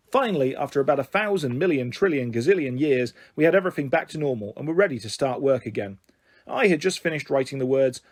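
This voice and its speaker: A man reading a children's story aloud in an animated, expressive way. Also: a little high, no echo, studio quality.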